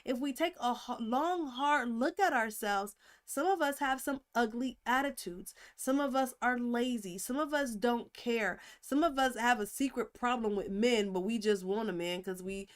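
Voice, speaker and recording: A woman hosting a casual relationship advice talk, emphatic and animated, acting out little scenes as she goes. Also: on the high side, normal speed. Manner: lively, emphatic, acts out examples. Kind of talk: live-streamed advice talk.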